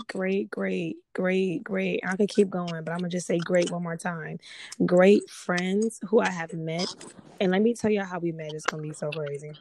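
A woman's voice: lowish voice, darkish tone, a little hiss or hum. A woman hosting a casual podcast, chatty and repeating herself for emphasis as she talks straight to her listeners. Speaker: podcast host.

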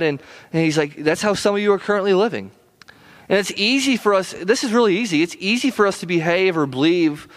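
A man preaching a sermon in an earnest, repetitive way, often stumbling and restarting his words. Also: on the high side. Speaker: pastor.

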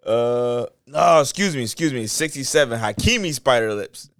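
A man co-hosting a podcast in laid-back, halting chat, laughing often. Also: medium pitch, lively intonation, dry recording, clean studio sound. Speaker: podcast co-host. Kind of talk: casual chat.

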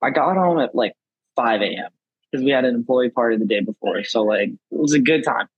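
A young man in his twenties with a husky, raspy voice chats casually on a podcast. His storytelling is laid-back and full of slang. The sound is dry and close, with no room echo. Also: medium pitch, expressive, fairly quick, muffled recording. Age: 20s. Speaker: podcast co-host. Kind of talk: casual chat.

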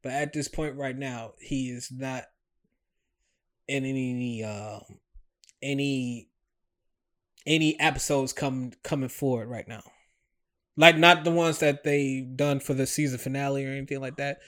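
A man in casual chat with a friend, animated and slangy, laughing often. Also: medium pitch, a little slow, long pauses.

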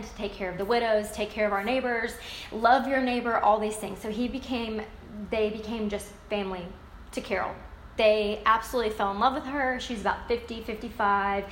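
In a roomy space with faint background noise, a woman with a fairly high, steady voice gives a casual book recap. Speaking a little quickly, she retells the plot in a gushing, enthusiastic way.

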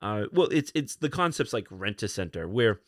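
A man hosting a podcast alone, casually retelling comic book issues, with many fillers and quick put-on lines for the characters. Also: fairly low pitch, sing-song, dry recording, clean studio sound. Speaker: podcast host.

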